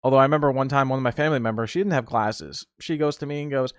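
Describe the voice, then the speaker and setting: A man's voice: medium pitch, racing, hardly any pauses, no echo, studio quality. A young man hosting a casual solo podcast, telling rambling stories with laughter and restarts. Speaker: podcast host.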